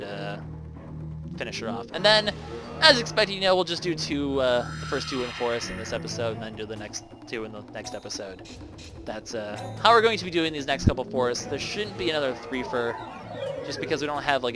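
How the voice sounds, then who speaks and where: A young man rambling casually as he comments on a video game he plays. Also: medium pitch. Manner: rambling, chatty, often trails off. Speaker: let's play commentator. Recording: faint game music behind the voice.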